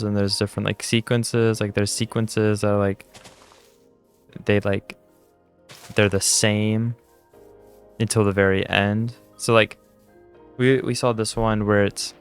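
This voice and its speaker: Young man, low voice, smooth, tired and rambling, casual gameplay chatter. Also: level tone, measured pace, pauses often, faint music behind. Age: young adult. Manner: rambling, chatty, self-deprecating. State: tired, yawning. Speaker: gaming channel host.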